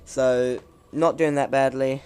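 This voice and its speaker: A man's voice: mid-range voice, fairly even intonation, slow, a little mellow, clean tone. A man casually commenting over his gameplay, rambling, laughing at himself, his voice cracking now and then. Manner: rambling, chuckling, self-mocking.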